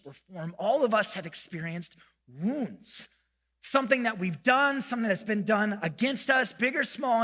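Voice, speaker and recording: Bright-voiced animated male pastor. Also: high-pitched, in a large hall. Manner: animated, self-mocking storyteller acting out quotes. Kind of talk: storytelling sermon. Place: church sanctuary.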